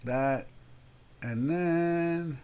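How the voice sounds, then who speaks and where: This older man draws out his words in a slightly high voice that's a little mellow, clear and resonant. Hosting a live trading stream, he chats casually and thinks out loud as he works on settings.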